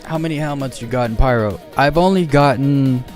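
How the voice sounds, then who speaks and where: A man's voice: mid-range voice, brisk, a little mellow, soft background music. Man streamer, casual and dismissive. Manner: casual and dismissive, laughing things off. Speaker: game streamer. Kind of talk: casual live-stream chat.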